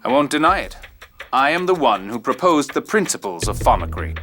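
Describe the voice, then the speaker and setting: An actor playing a composed male scientist in a video game, speaking in a calm, formal, coolly cutting way. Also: medium pitch, brisk. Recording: game audio with music behind.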